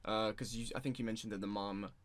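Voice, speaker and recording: A man's voice: lowish voice, steady tone, fast talker. A man, co-hosting a casual film chat in a playful, agreeable way that often trails off mid-thought. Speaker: co-host. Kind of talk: casual chat about films.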